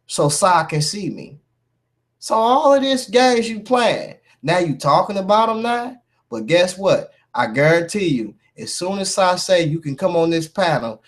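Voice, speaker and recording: A man calling out a rival in a heated vlog rant, emphatic and confrontational, with "man" and "bruh" as constant fillers. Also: fairly high pitch. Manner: confrontational, addresses a rival directly. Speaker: YouTube commentator. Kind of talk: heated call-out rant to camera.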